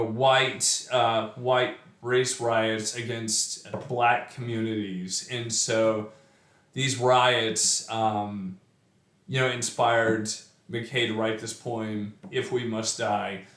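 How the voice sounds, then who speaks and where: A man talks slowly through a poem in a casual lesson, stopping often with fillers and restarting his sentences. His voice sits at a middle pitch. The recording has a roomy echo around it. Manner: relaxed, thinking aloud with fillers and restarts. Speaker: poetry teacher. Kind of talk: informal poetry lecture.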